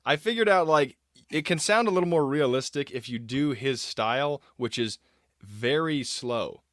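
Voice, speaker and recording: A man's voice: medium pitch, animated, moderate pace, fairly bright tone, no room sound. Joking American man hosting, dry sound. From United States. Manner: friendly, joking host. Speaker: podcast host. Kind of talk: casual interview chat.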